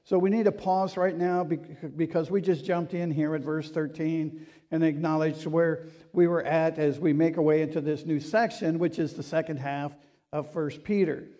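A man's voice: fairly high pitch, steady tone, moderate pace, warm tone. A man preaching a sermon as a pastor, in a conversational, earnest way that keeps asking the listeners questions. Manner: earnest and urging.

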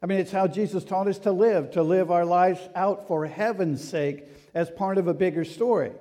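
A male pastor delivers a sermon in a high, mellow voice. He keeps it conversational, with rhetorical questions and asides. His tone stays earnest and urging throughout. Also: moderate pace.

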